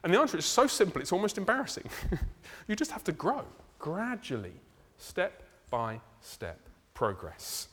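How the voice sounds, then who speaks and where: A man preaching a sermon in a church, conversational and animated, with laughs and asides. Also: high-pitched, normal speed, breathy edge. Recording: reverberant hall.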